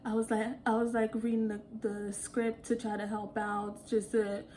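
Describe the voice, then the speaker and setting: A woman telling casual storytime anecdotes in an animated way, often laughing and acting out what people said. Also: medium pitch, moderate pace, slight background noise. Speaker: vlogger.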